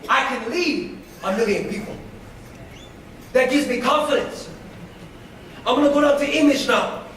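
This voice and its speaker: Man, very high voice, fervent preaching talk, call-and-response, booming hall echo, heard from far off. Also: a little slow, slight background noise. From United States. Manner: fervent, leads call-and-response, breaks into shouts. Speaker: motivational speaker. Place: school hall before a live audience.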